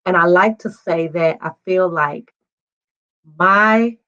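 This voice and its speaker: A woman's voice: lowish voice, slow, fairly bright tone, clear, resonant tone. A woman in her forties telling her personal testimony as a podcast guest, candid and emotional, laughing at times. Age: 40s. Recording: dull lo-fi sound.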